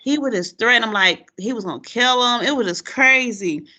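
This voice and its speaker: With a slightly high voice and an ordinary pace, a podcast host who used to teach chats casually, bringing her stories to life by performing her students' lines and laughing a lot.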